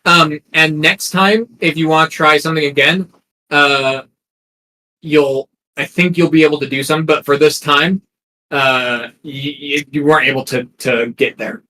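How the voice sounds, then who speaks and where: Man, game master, hesitant, lots of ums, slightly high pitch. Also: fairly even intonation, normal speed, bright, forceful tone, low-quality recording. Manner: hesitant, many ums and restarts. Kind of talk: narrating a tabletop game.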